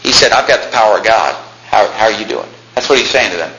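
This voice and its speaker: A man preaching a sermon, with loud high-pitched bursts and drawn-out lines as he reads and explains Bible verses. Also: lively intonation, echoey room, low-quality recording. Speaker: pastor. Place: church.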